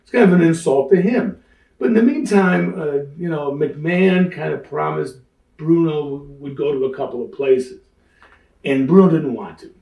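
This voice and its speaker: Animated storytelling man in a roomy space. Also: fairly high pitch, moderate pace, creaky. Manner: animated storyteller who acts out quoted voices; laughs through his stories. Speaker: interview guest, wrestling veteran. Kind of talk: storytelling shoot interview. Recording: roomy sound, mic at a distance.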